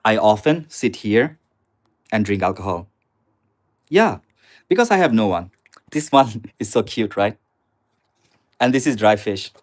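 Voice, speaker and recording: A young Chinese man hosts a relaxed live stream from a small studio apartment overlooking a river. He speaks in a lowish voice that is very animated yet unhurried, pausing often. He's chatty, calls everyone "guys," and replies to comments from chat.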